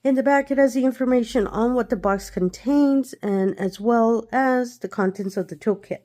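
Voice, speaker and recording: A woman's voice: on the high side, normal speed, dark tone. A woman hosting a craft channel, talking casually through an unboxing while congested from a cold and giggling often between remarks.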